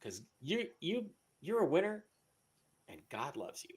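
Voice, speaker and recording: A chatty man hosts a live stream in a loose, casual way and trips over the names he reads out. His voice sits a little high for a man. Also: wildly swooping pitch, a little slow, darkish tone, husky. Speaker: livestream host.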